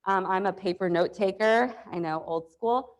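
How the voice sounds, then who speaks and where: A woman with a hoarse, allergy-worn voice, teaching an exam review class in a chatty, upbeat way with many fillers. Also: mid-range voice, normal speed. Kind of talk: classroom lecture. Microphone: lapel mic.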